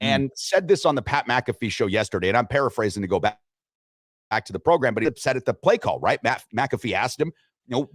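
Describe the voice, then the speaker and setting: A man's voice: mid-range voice, expressive, quick pace, no room sound, clean studio sound. A man hosting a sports radio show, chatting loosely, joking and reading sponsor spots. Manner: loose, joking, swears casually. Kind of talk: casual sports talk with live sponsor reads.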